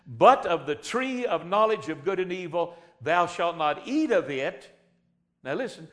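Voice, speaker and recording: An older man preaching a sermon in a folksy way, reading scripture and swinging between loud emphasis and hushed asides. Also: on the high side. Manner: folksy, addresses the congregation as a class.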